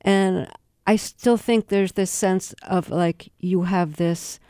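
A woman's voice: medium pitch, steady tone, takes it slowly, mellow, clear, resonant tone, no echo, clean studio sound. A woman interviewing a guest in a conversational radio interview, phrasing her questions thoughtfully with many fillers.

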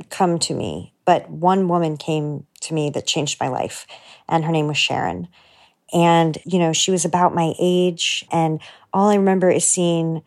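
A woman's voice: on the low side, darkish tone. A woman telling a heartfelt personal story in an earnest, reflective way, dropping her voice for her own inner thoughts. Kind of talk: personal story told to a producer.

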